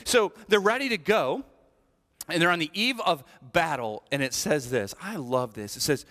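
A man's voice: fairly high pitch, animated, normal speed, sharp tone, in a large hall. A man preaching a sermon as associate pastor, telling a story animatedly and checking in with "right?".

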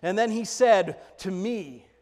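A male pastor delivers an emphatic sermon in a high-pitched voice. He drops to hushed tones and rises to loud, stressed lines. His voice rings with the long reverb of a big hall. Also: takes it slowly. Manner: emphatic, swings between hushed and loud passages.

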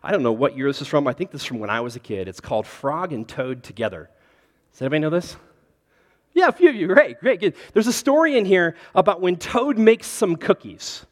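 A man preaching a sermon as pastor, conversational and animated, talking directly to his congregation. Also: a little high, a little fast. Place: large hall with congregation. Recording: reverberant hall.

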